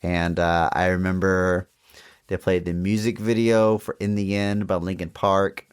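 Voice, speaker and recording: A man's voice: low-pitched, level tone, unhurried, clean tone, clean studio sound. A man in his thirties co-hosting a podcast, playfully telling an anecdote in casual chat. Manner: playful, echoes names for laughs, tells anecdotes. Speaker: podcast co-host.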